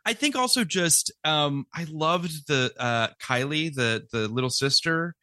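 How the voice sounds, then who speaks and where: A man's voice: a little high, expressive, a little slow, bright, forceful tone, no echo. A man hosting a casual podcast chat, talking in a rambling, hesitant way and laughing often. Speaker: podcast host.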